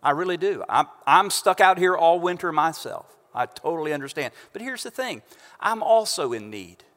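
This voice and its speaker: A man voicing a talking male bear in a sermon story, speaking in a calm, soothing way. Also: on the high side, normal speed. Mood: calm reasoning.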